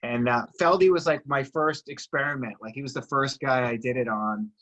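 A young man from Boston, a breathwork guide and former personal trainer, explaining in an earnest, animated way during a casual conversation. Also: mid-range voice, moderate pace, low-quality recording.

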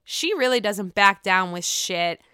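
A young woman casually recapping a reality show on her own, blunt and quick to swear, often mimicking people in exaggerated voices. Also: mid-range voice, lively intonation, bright, forceful tone, clean tone, dry recording, studio quality. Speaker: reality TV commentator. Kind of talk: casual solo recap chat.

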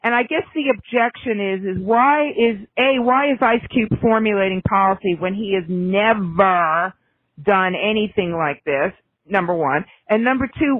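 A woman co-hosting a podcast in casual chat, opinionated and snarky, talking in quick bursts. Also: medium pitch, no echo. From United States. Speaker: podcast co-host. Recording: tinny phone-like line.

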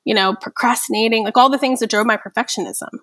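A woman's voice: fairly high pitch, fast talker, a bit bright, dry recording. A woman in her thirties, a therapist speaking earnestly and reflectively in a podcast conversation, often tagging "right?" and "like". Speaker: therapist guest.

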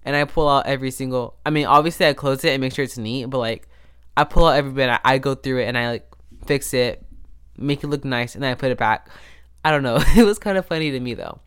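Speaking quickly in a clear, resonant, slightly bright mid-range voice, this male podcast host tells a loose, casual story. Restarts and asides constantly break his flow as he cuts himself off, and the sound comes from a podcast mic.

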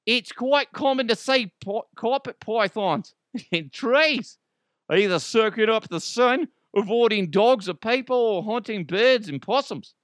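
A man voicing an Australian snake catcher in a high, exaggerated mock Australian accent. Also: lively intonation, a little slow, fairly bright tone, dry recording, studio quality. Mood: matter-of-fact. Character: Australian male snake catcher, matter-of-fact.

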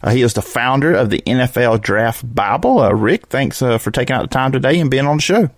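A man's voice: mid-range voice, expressive, brisk, no room sound. Man, Alabama accent, podcast host, upbeat, casual, dry close sound. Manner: upbeat, loose with fillers.

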